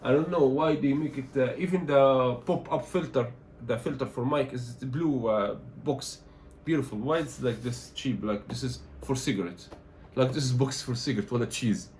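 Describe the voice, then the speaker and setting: A man from Egypt, not an English speaker, talking through an unboxing as a tech reviewer, animated and complaining in loose phrasing. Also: medium pitch, normal speed, hardly any pauses, a little hiss or hum. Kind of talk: casual unboxing vlog.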